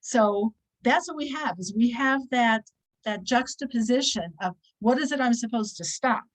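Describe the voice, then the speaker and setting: A woman's voice: on the high side, normal speed, low-quality recording. A woman teaching a conversational weekly religious lesson to women, repeating key phrases and acting out little quoted voices.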